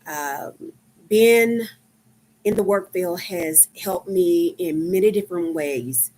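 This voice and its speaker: A woman in her fifties from Dallas with a Texan accent, chatting casually with viewers on a live stream, unhurried and full of ums. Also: fairly low pitch, darkish tone, a little hiss or hum. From Dallas, Texas. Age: 50s. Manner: slow, chatty, many ums.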